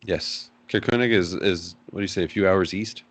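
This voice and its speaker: A man's voice: low voice, moderate pace, dry recording. A man playing in a tabletop game, speaking hesitantly and with many fillers. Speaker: player. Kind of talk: casual tabletop play.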